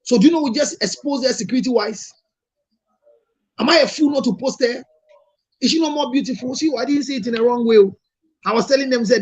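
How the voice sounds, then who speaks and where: A Ghanaian marriage counselor and show host tells lively stories to an audience, scolding with rhetorical questions and mixing in Twi phrases. His voice is very high with lively intonation and a breathy edge, and he speaks briskly, pausing often.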